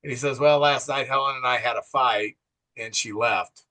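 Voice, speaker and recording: Bright-voiced middle-aged man recapping a film. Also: mid-range voice, fairly even intonation, normal speed. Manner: acts out film dialogue in quoted voices, laughs at own jokes. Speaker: co-host, father. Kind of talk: casual movie recap.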